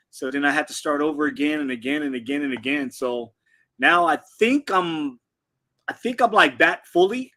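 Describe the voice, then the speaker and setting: Bright, giggly, rambling man. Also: on the high side. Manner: laid-back, rambling, many ums, giggly. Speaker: guest. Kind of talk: casual livestream chat.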